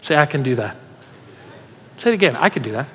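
A man preaching a sermon, telling a personal story in an animated way, laughing and getting emotional as he goes. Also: fairly high pitch, brisk, slightly rough. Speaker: pastor. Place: church hall with audience. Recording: reverberant hall.

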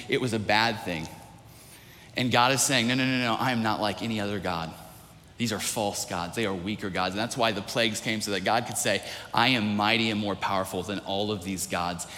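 A man's voice: mid-range voice, fairly bright tone. Earnest male preacher in a reverberant hall. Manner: earnest, builds with repeated phrases and restarts. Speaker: pastor. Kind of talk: sermon. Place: church.

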